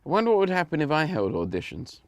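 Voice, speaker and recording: A man's voice: fairly high pitch, huge pitch swings, fast, no echo. Dry-humored man hosting a podcast. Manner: dry, joking. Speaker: host. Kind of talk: casual chat.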